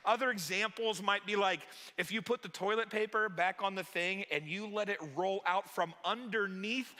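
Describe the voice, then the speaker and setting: A man's voice: high-pitched, moderate pace, few pauses, sharp tone, big-room sound. A man, a pastor, giving a chatty, joking sermon to his church. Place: church hall.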